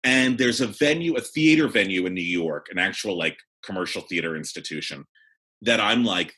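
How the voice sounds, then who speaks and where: A man, a cabaret producer and director, talking in a casual podcast interview in an animated way with frequent restarts. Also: deep voice, moderate pace, breathy edge.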